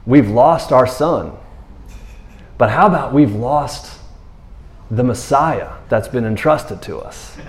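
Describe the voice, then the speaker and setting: A man preaching a sermon in a relaxed, conversational way, acting out quotes playfully. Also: medium pitch, slow pace, pauses often, echoey room. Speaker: pastor.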